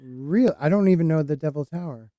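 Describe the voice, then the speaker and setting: Male podcast host, slightly high, mellow tone, rambling and halting delivery. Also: no room sound, clean studio sound. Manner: rambling, halting with many fillers and restarts. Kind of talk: casual podcast chat.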